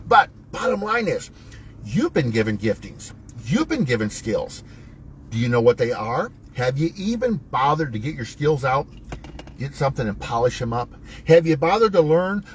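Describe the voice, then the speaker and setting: A man's voice: a little high, sing-song, moderate pace, a little hiss or hum, low-quality recording. A man hosting a motivational talk, coaching viewers in a preachy, emphatic, folksy way with wide swings in his voice. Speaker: host.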